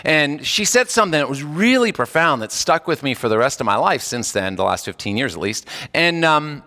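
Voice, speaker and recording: A man's voice: fairly high pitch, big pitch swings, brisk, pushed and bright, long reverb tail. A man in his thirties preaching a sermon as a pastor, talking conversationally with restarts and chuckles. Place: church sanctuary.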